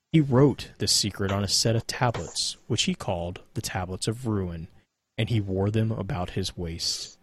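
A man reads a dark myth aloud, measured and solemn. His voice is fairly low and husky, recorded dry and close with no room sound. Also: no echo. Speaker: lore reader.

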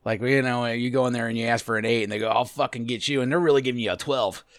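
A man's voice: medium pitch, steady tone, fast talker, fairly bright tone, no echo, clean studio sound. A man hosting a podcast, chatting loosely and rambling with lots of swearing and laughs. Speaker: podcast host. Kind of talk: casual profane chat.

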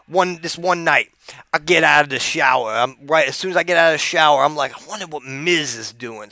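A man doing a comic impression of a brash, boastful male wrestling personality who drawls through tall tales and shouts taunts. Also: a little high, no room sound.

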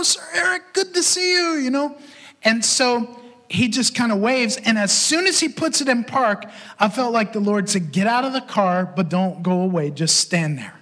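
Bright high-voiced preacher in an echoing hall. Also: male voice. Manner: animated, acts out quoted voices. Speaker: pastor and podcast host. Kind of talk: storytelling sermon. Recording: long hall reverb.

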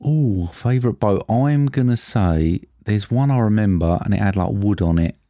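A man's voice: fairly low pitch, lively intonation, normal speed, dark tone, no room sound, clean studio sound. A man co-hosting a podcast, laid-back and casual, swearing and calling his friend mate. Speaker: podcast co-host. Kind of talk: casual chat.

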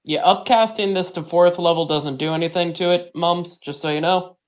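Deadpan tabletop player. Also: medium pitch, normal speed. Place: online voice chat.

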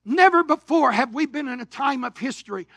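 A man, preaching a sermon in a church, animated storytelling that swings from shouts to quiet asides. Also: extremely high pitch, a little fast, dry recording. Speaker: pastor. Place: church sanctuary.

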